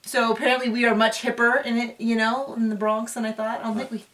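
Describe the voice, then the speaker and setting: A woman's voice: on the high side, flat delivery, fast talker, fairly bright tone, far from the mic. A woman hosting a casual recap show, chatty and opinionated with sarcastic asides, recorded a bit away from the mic.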